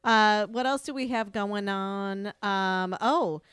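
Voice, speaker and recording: A woman with a Chicago accent co-hosts a loose, chatty show, speaking bluntly and cursing freely. Her voice is smooth and resonant, and the sound is close and dry with no room echo. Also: medium pitch, steady tone, slow, fairly bright tone. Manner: blunt, swears freely, mimics people. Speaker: podcast co-host. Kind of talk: casual chat.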